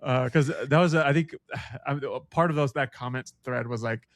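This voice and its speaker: Gravelly, playful man, dry close sound. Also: medium pitch, normal speed, no room sound. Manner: playful, laughing, riffs on jokes. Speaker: podcast co-host. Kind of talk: casual book club chat.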